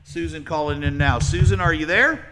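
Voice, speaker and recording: A man hosts a casual call-in talk show in a chatty, upbeat way, with loose fillers between his thoughts. His voice sits a bit high and has a bright, forceful edge. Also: normal speed, slight background noise. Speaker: podcast host.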